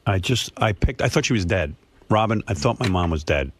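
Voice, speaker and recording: A man's voice: lowish voice, brisk, a little hiss or hum. A man, hosting a radio talk show and telling a personal story in casual talk. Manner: animated storyteller, acts out his parents' voices. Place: radio studio. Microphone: studio microphone.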